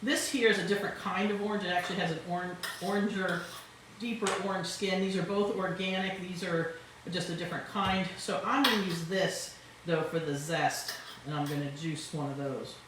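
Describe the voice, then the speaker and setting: A woman's voice: on the low side, fairly even intonation, fairly quick, background noise. A woman hosting a home cooking show with an Italian-tinged accent, chatting and explaining each step as she cooks. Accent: Italian-tinged English. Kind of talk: casual cooking demonstration. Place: home kitchen. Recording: very echoey kitchen, distant mic.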